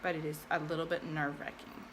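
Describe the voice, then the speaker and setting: A woman's voice: deep voice, level tone, fast talker. Woman doing a laid-back sewing how-to, talks through each step, faint room hum behind. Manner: chatty, thinks aloud, self-deprecating asides. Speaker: sewing video host. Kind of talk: casual sewing tutorial.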